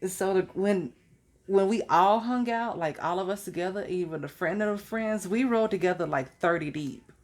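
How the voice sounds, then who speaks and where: A young adult woman vlogger talks about her college years, sounding casual and chatty and occasionally laughing at her own stories. Her medium-pitched voice is a little mellow, and her pace is moderate.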